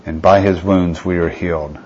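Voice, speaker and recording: A man's voice: low-pitched, fairly even intonation, normal speed, darkish tone, dull audio, slight background noise. A man preaching a sermon, reading scripture aloud and asking his listeners rhetorical questions.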